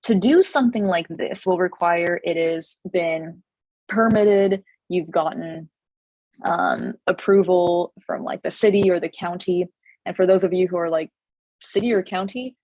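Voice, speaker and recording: A woman realtor with a slightly hoarse voice and a Californian accent, chatting casually with many fillers and restarts. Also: lowish voice, steady tone, a little slow, darkish tone, dry recording, rough recording. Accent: Californian English. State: slightly hoarse, losing her voice. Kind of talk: casual explainer video.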